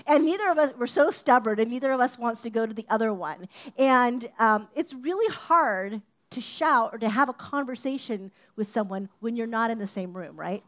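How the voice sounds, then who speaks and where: A woman with a fairly high, expressive voice preaches conversationally at normal speed, with hardly any pauses. She guides listeners through a sermon like a friend sharing stories, occasionally raising her voice to act out a shouted line.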